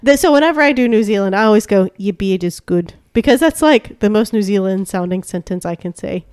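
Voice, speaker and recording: A woman co-hosting a podcast, chatting casually with playful, quick comebacks. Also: mid-range voice, animated, darkish tone, clean tone, dry recording, studio quality. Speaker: podcast co-host. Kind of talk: casual chat.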